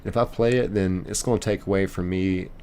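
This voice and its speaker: Man, live streamer, low voice, loose rambling chat, faint background noise. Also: steady tone, a little fast, a little mellow. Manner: rambling, reads and answers chat. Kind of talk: casual chat while gaming.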